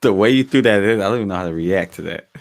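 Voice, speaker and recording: A man with a fairly low voice co-hosting a casual podcast. He talks thoughtfully and lays out his points at an even, measured pace. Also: creaky. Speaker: podcast co-host. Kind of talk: casual banter.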